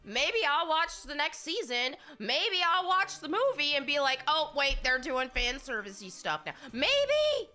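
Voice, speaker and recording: A woman's voice: high-pitched, pushed and bright. A woman gaming streamer with a cold, chatting casually in a rambling, candid way while she plays. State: has a cold.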